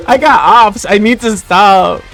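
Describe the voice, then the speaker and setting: A woman's voice: mid-range voice, expressive, takes it slowly, a bit bright, soft background music. A woman from New Jersey with a New Jersey accent, a little tipsy, chatting casually on a livestream, laughing often and swearing freely.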